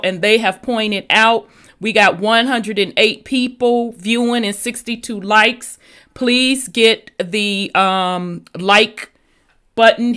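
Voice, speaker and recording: Bright-voiced woman hosting a live stream. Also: medium pitch, clear, resonant tone. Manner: loose, folksy, hyping the audience. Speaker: host. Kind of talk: casual live-stream talk show.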